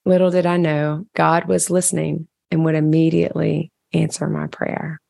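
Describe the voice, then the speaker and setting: A woman's voice: deep voice, little pitch movement, normal speed, creaky, mellow, no echo, clean studio sound. A woman candidly narrating a personal diary entry, reflective and storytelling. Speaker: caregiver sharing a diary entry.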